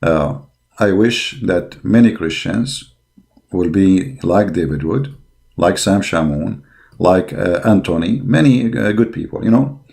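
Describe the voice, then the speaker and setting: A man's voice: deep voice, lively intonation, takes it slowly, gravelly, darkish tone. A man giving a combative religious monologue, blunt and scornful, speaking emphatic English with broken grammar. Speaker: religious polemic commentator.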